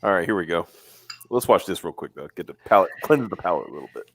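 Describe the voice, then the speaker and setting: A man's voice: low-pitched, lively intonation, quick pace, fairly bright tone. A man hosting a live stream in loose, joking casual chat. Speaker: host.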